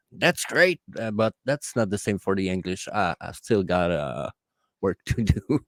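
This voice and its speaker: A man from Quebec with a Quebec French accent, a native French speaker, chatting as a guest content creator and often pausing to search for English words. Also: fairly low pitch, dry recording, studio quality. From Quebec, Canada. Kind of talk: casual interview chat.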